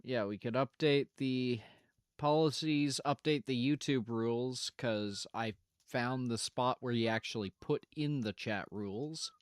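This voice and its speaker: A man's voice: medium pitch, measured pace, no room sound. A man streaming and chatting casually with his live audience, rambling, profane and self-mocking.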